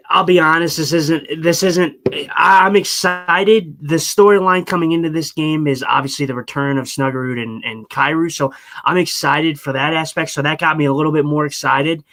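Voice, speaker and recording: A man with a fairly high, bright and forward voice co-hosts a live fan stream. He talks in a low-key, hesitant way, stumbling and restarting his sentences over a remote stream mic. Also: normal speed. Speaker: podcast co-host.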